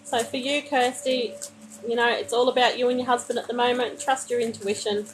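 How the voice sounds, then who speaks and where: A woman reading tarot cards for viewers on a live stream, calmly reassuring them and calling them honey. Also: fairly high pitch, fairly quick, soft background music, poor audio. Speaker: tarot card reader. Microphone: phone.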